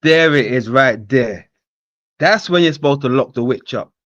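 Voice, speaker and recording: Excitable man reacting, dull dry sound. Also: normal speed, no echo. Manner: animated, exclamatory, swings into high incredulous cries. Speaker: host reacting to a clip. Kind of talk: casual reaction commentary.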